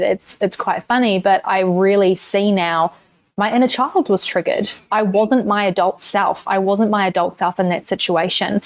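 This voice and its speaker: A woman's voice: medium pitch, no echo. A woman with a New Zealand accent speaks in a medium register, telling a personal story on her own podcast. Her talk is loose and frank, with plenty of swearing. The recording is dry and close, with no room sound. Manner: candid storytelling with frequent swearing. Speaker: podcast host. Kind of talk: casual solo podcast monologue.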